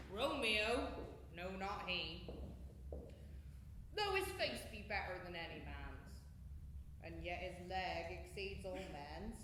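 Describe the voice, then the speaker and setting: A woman's voice: mid-range voice, sharp tone, slight background noise, heavily acted. An actress playing a fussy, chattering old nurse on a theatre stage, groaning about her aches. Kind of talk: live stage acting. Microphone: distant room mic. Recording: echoey theatre from far off.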